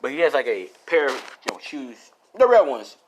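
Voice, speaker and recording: A man's voice: mid-range voice, sing-song, normal speed, a little hiss or hum. A man casually improvising a fan story, rambling, slangy and swearing, often correcting himself. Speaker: YouTuber storyteller.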